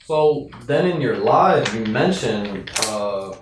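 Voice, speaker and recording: A man interviewing a guest, asking short, measured questions. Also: medium pitch, animated, noisy background. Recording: roomy echo, distant from the mic.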